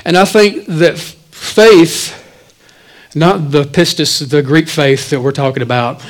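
A man, the pastor, preaching a sermon in a church, swinging between loud, animated stretches and quiet asides. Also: a little high, a little slow, poor audio.

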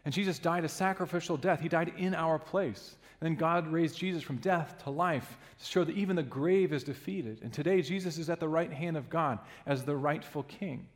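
A man's voice: on the high side, normal speed, hardly any pauses, big-room sound. A man preaching a sermon in a church, earnest and emphatic, sometimes restarting a phrase.

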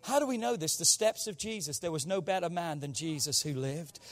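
A pastor with a noticeably high voice delivers a sermon to his congregation. He draws them into call-and-response, rising to loud exhortation and then dropping into quiet, intense passages. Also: a little fast.

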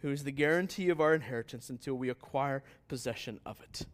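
A man's voice: mid-range voice, fast. A man reading a scripture passage aloud during a sermon, building in emphasis as he goes. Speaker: pastor.

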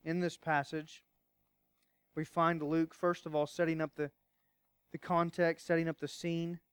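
A man pastor preaching a sermon, emphatic at times and hushed at others, asking rhetorical questions. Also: a little high, flat delivery, unhurried, clean tone, no room sound.

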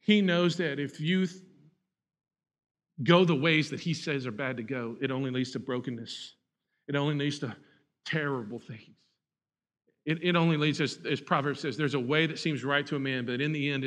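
A man in his thirties, a pastor preaching an animated sermon that swings from loud to hushed. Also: a little high, moderate pace, long pauses, in a large hall.

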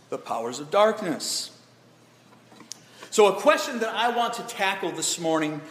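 Emphatic high-voiced man preaching. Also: fairly bright tone. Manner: emphatic, asks the congregation questions. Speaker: pastor. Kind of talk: sermon. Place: church sanctuary. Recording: echoey hall reverb.

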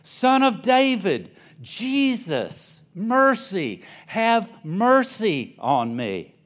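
A preacher voicing a blind male beggar who cries out loudly for mercy. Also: sits high, huge pitch swings, extremely slow, pitched above the performer's own voice, full character voice. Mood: pleading. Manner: loud, pleading cries.

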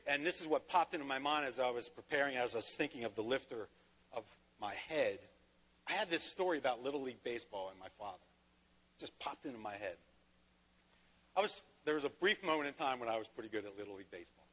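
A man's voice: medium pitch, expressive, quick pace, a bit bright. A man pastor preaching a sermon, telling a personal story and rising to emphatic peaks. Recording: long hall reverb.

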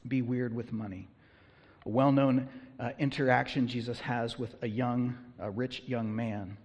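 A man preaching a sermon as pastor, talking conversationally and punching words with bursts of loud emphasis. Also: medium pitch, steady tone, unhurried, long reverb tail, muffled recording.

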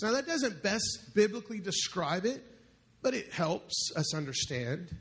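Man, pastor, high voice, live church sermon, joking, asks the congregation questions.

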